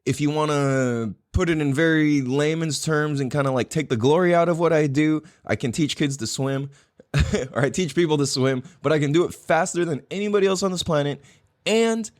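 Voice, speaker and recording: A man's voice: fairly high pitch, a little fast, a little mellow, no echo, studio quality. A man hosting a podcast with a Southern Californian accent, talking loosely and profanely, laughing often in a casual solo monologue. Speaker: podcast host.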